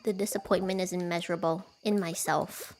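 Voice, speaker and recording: A woman's voice: fairly low pitch, fairly even intonation, a little fast, darkish tone, slight background noise. A woman streaming a cozy farming game from home, chatting casually with her viewers, giggling often and poking fun at herself. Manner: chatty, giggly, self-deprecating.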